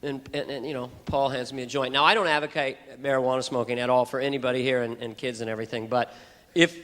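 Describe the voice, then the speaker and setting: A male stand-up comedian telling a story, animated and self-deprecating, often bursting into voices. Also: medium pitch, fast. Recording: live hall with crowd laughter.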